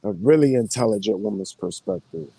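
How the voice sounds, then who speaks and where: Laid-back slangy man, mellow voice. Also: lowish voice, expressive, brisk, creaky, slightly rough, dry recording. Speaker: live streamer. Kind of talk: casual live-stream chat.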